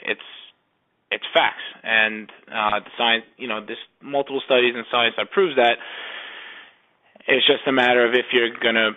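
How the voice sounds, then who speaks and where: A man talking as a podcast guest in casual conversation, halting with many restarts. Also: medium pitch, narrow, tinny audio.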